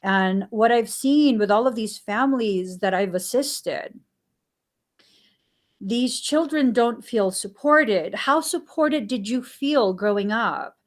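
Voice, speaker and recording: Animated woman telling a family story. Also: a little high, slow pace. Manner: animated, acts out quoted dialogue, laughs often. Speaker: podcast host. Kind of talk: casual storytelling.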